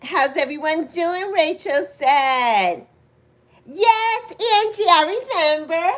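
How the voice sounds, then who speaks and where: A woman's voice: sits high, animated, takes it slowly, fairly bright tone. A woman in her sixties hosting a casual livestream, chatting affectionately with viewers and greeting them by name. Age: 60s. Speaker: livestream host. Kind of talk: casual livestream chat reading comments.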